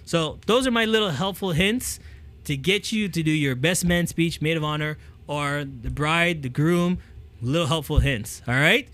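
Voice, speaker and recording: A man hosting a talk speaks at normal speed in a slightly high voice, giving casual speaking tips into a handheld microphone. His manner is energetic: he keeps asking "okay?" to check in and moves the mic closer and farther to demonstrate. The clip is a casual coaching talk to camera.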